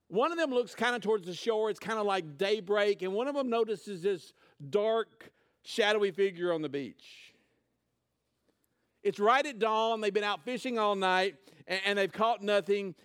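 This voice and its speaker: High-voiced pastor telling a story. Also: male voice, moderate pace, fairly bright tone, smooth. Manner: conversational storytelling, retelling scripture in casual words. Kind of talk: sermon.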